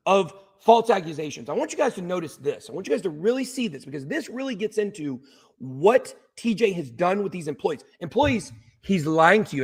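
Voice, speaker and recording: A man on a livestream speaks straight to his viewers, emotional and insistent, saying the same lines over and over to drive them home. His voice is fairly high and husky. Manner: emotional, insistent, repeats himself. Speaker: streamer.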